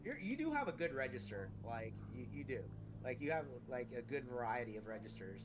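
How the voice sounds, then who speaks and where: A man's voice: medium pitch, sing-song, brisk, noisy background. A man joking and teasing friends over voice chat while gaming. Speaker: gamer on voice chat.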